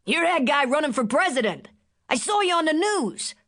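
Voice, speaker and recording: A woman narrator voicing a loud, pushy taxi driver who talks cheerfully over everyone. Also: sits high, big pitch swings, normal speed, pitched above the performer's own voice. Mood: excited. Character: brash, chatty male taxi driver.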